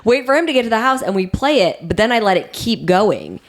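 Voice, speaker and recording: A woman's voice: a little high, brisk. A woman co-hosting a podcast, telling a story in casual chat through a headset mic, with lots of fillers. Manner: animated storytelling, many fillers. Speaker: podcast co-host.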